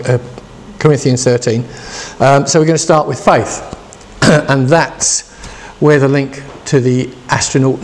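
A man's voice: mid-range voice, darkish tone. A man in his sixties preaching a casual, chatty sermon and asking his listeners questions. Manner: chatty, asks the congregation questions.

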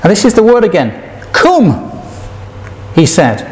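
A man's voice: high voice, big pitch swings, quick pace, darkish tone. A man preaching a sermon, reading scripture aloud and putting questions to his listeners.

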